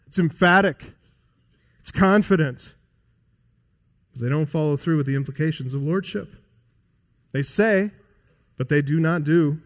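A man preaching a sermon, stressing key words loudly and then dropping to quiet, slowed phrases. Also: a little high. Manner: emphatic, swings between loud stress and quiet drops. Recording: long reverb of a large hall.

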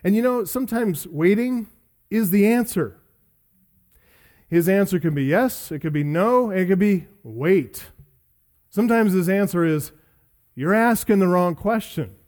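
A man's voice: sits high, lively intonation, measured pace, long pauses, darkish tone. A middle-aged man preaching, asking earnest questions and telling personal stories with self-deprecating humor. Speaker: pastor. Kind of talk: sermon.

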